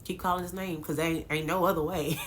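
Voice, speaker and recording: A vlogger casually tells her viewers a dramatic story, acting it out with lots of laughter. Her voice is fairly low and brisk, and the recording has a little hiss or hum.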